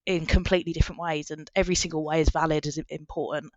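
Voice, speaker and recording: A guest with a broad Essex accent, talking earnestly in a casual interview and laughing readily. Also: female voice, low-pitched, steady tone, rapid-fire, no room sound, muffled recording. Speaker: guest, marine biologist.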